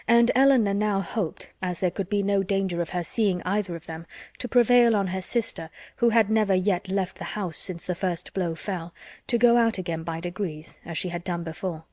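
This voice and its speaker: A woman narrating a classic novel as an audiobook in a measured, even reading. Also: mid-range voice, no room sound, clean studio sound.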